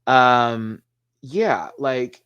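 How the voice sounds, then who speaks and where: A man talks straight to his viewers in a loose, rambling review, with a voice sitting at an ordinary middle pitch for a man. He gushes and swears freely, drops drag slang, and restarts his sentences as he goes. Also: extremely slow, a bit bright, clear, resonant tone, lo-fi sound. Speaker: TV show reviewer. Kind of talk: casual solo review rant.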